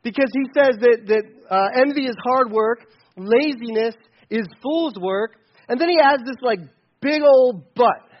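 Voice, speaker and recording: Guy with a high voice preaching real casual, kinda rambly, sounds a bit lo-fi. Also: a little slow. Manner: casual, rambling, with playful acted-out asides. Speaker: preacher teaching a Bible passage. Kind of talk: conversational sermon.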